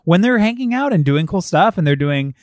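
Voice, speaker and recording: A man's voice: high-pitched, lively intonation, brisk, a little mellow, no echo, clean studio sound. A man in a casual chat about a film, retelling scenes by acting out the characters' lines and swearing freely.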